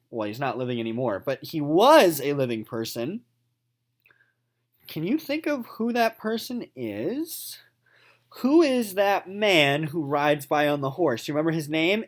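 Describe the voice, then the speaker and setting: Guy teacher doing an online lesson, voice bounces around a lot, keeps saying okay? right?. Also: a little high. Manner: explains slowly, repeating each point in simpler words. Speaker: sixth-grade literature teacher. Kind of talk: recorded remote lesson and reading aloud.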